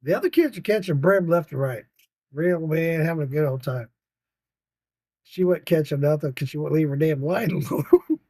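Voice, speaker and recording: Profane laughing grandpa telling stories. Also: male voice, on the high side, moderate pace, warm tone, dry recording. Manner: profane, rambling, laughs often. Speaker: storyteller, grandfather. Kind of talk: casual storytelling.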